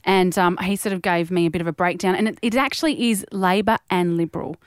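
A woman's voice: fairly low pitch, quick pace, clear, resonant tone, dry recording. Australian woman, thirties, chatty podcast host, peppy storyteller, dry sound. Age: 30s. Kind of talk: casual chat.

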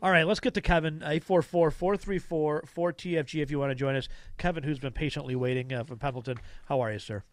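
A middle-aged man hosting a casual talk radio show, chatty and wry, quick with a joke. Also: a little high, fairly even intonation, no room sound.

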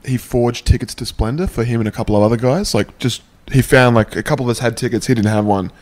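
A man's voice: mid-range voice, fast talker, darkish tone. A man in casual podcast chat, joking and laughing often.

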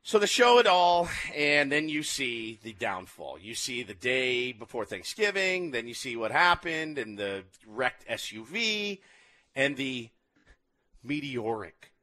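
A man co-hosting a casual chat, retelling a documentary with animated storytelling and acted-out quotes. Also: mid-range voice, measured pace. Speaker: podcast co-host.

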